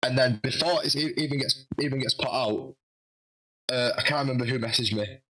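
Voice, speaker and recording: A man telling a lively story in a casual interview, acting out what people said. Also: medium pitch, fairly quick, low-quality recording. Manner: animated, acts out quoted dialogue. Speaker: guest wrestler.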